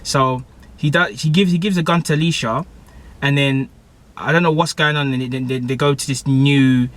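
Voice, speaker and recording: Excitable young guy, bright voice. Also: medium pitch, moderate pace. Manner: excitable and slangy, with many fillers and restarts. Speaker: TV show reviewer. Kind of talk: casual episode recap.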